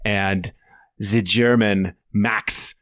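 A man's voice: lowish voice, steady tone, extremely slow, a bit bright, no room sound, clean studio sound. A man hosting a casual sports podcast, talking in a playful, jokey way and putting questions to his guests. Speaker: podcast host. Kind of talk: casual cycling chat.

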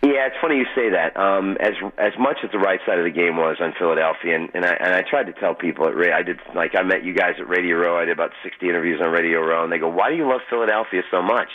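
Fast-talking man on a phone line. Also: low-pitched, fairly even intonation. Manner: boastful, fast storytelling. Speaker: sports betting tout, radio guest. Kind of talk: casual radio interview. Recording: phone-line call-in audio.

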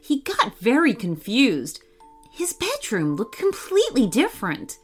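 A woman hosting and narrating a children's story in an expressive, animated read-aloud manner. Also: a little high, a little slow, husky, faint music behind. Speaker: host and storyteller.

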